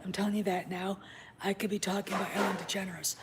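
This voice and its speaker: A woman's voice: medium pitch, level tone, fast talker, noisy background. A woman hosting a casual vlog, speaking bluntly with profanity and conspiratorial asides, at home. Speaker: channel host. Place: home with a puppy nearby.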